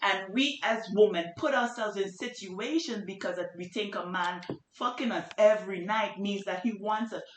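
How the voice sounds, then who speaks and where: A woman's voice: medium pitch, moderate pace, few pauses, a little hiss or hum. A woman in casual podcast chat, giving blunt, profane opinions with emphasis. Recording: echoey room recording.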